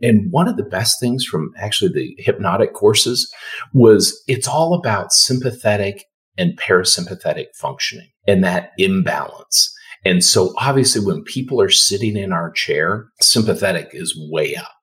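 A man with a very low voice talks as a podcast guest. He speaks in a calm, soothing and unhurried way, explaining ideas to the host in relaxed conversation. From Canada. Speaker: dentist guest.

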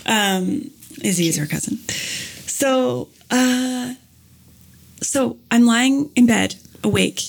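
A woman with a fairly high, creaky, husky voice speaks slowly as a podcast guest. She chats casually, telling a long story animatedly and packing it with "like" and "um."

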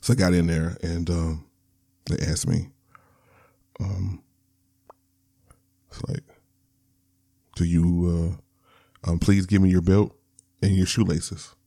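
A man's voice: low-pitched, level tone, slow, vocal fry, long pauses, mellow. A man hosting a podcast, telling a personal story in a candid, rambling way. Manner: candid, rambling, with laughs and restarts. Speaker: podcast host.

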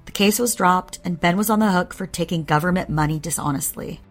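A woman's voice: lowish voice, a little fast, faint music behind. Blunt, candid woman telling her story. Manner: candid, blunt, swears freely. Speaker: guest. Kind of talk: personal storytelling interview.

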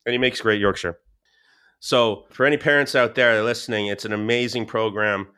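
A man, a podcast guest, telling stories in a lively casual way, often laughing and repeating words. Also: on the low side, moderate pace, clear, resonant tone. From Scottish-English family. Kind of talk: casual storytelling.

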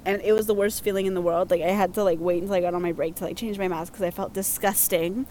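A woman's voice: on the low side, fairly even intonation, fast, warm tone, slight background noise. A young woman casually reading out listener stories, chatty and prone to giggling. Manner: giggly, chatty, lots of fillers. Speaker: host reading listener submissions. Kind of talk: casual chat.

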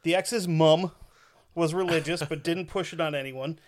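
A man's voice: a little high, moderate pace. A man hosting a casual podcast, reading out a listener's story in a crude, profane, joking way.

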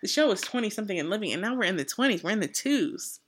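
A woman's voice: medium pitch, expressive, very fast, noisy background. A young woman co-hosting a podcast in casual chat, dry and teasing, laughing easily. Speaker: podcast co-host.

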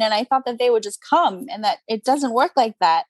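A woman's voice: fairly high pitch, animated, fairly quick. A young adult woman chatting as an interview guest, upbeat and full of "like" and "you know". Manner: chatty, upbeat, lots of "like" and "you know" fillers, frequent laughs. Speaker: guest, crystal seller. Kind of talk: casual interview chat.

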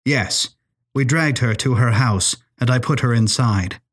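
A man voicing a steely, defiant young girl who speaks firmly and evenly, with a husky voice. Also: mid-range voice, measured pace. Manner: firm, even delivery.

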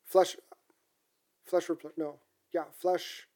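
A woman's voice: on the low side, normal speed, mellow. A woman co-hosting a podcast, from Canada, telling rambling stories in casual chat with frequent restarts.

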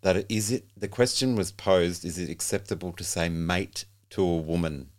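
Deep-voiced enthusiastic male podcast host. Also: fairly even intonation, normal speed. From Australia. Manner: enthusiastic, laughs easily. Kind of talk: casual interview chat.

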